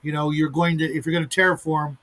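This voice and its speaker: A man's voice: on the high side, flat delivery, quick pace, a bit bright. A man hosting a casual group chat, talking at length with many restarts. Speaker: host.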